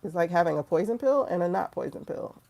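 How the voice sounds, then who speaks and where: A woman's voice: on the low side, lively intonation, quick pace, gravelly, dark tone. A woman hosting a spiritual livestream, telling a story in casual, candid talk, quoting herself and others with profane asides. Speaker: tarot livestream host.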